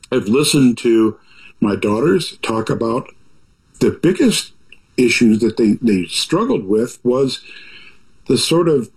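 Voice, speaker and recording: A man's voice: mid-range voice, creaky, a little mellow, poor audio. Older guy rambling on in an interview, fatherly, lots of asides and restarts. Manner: reflective, fatherly. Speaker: author guest. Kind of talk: casual interview talk.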